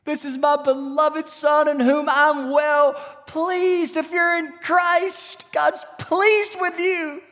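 A man with a high voice preaching a sermon in an unhurried, deliberate rhythm. He drops into hushed whispers and then rises to bright, emphatic declarations. His voice rings with the long reverb of a large hall. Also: flat delivery. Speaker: pastor.

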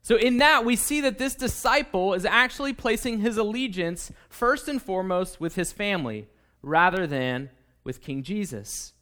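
A man's voice: sits high, lively intonation, normal speed, pushed and bright. A man preaching a sermon in a conversational way, checking in with the listeners often. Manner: conversational, with frequent "okay?" and "right?".

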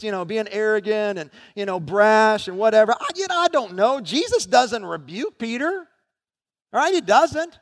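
High-voiced preacher in a reverberant hall. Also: male voice. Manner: animated, emphatic, conversational. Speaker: pastor. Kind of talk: sermon.

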